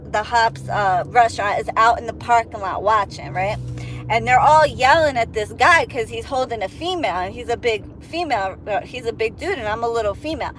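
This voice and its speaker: Profane, animated woman telling a story. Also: fairly high pitch, a little hiss or hum, low-quality recording. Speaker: vlogger. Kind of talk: storytime vlog. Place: inside a car while driving.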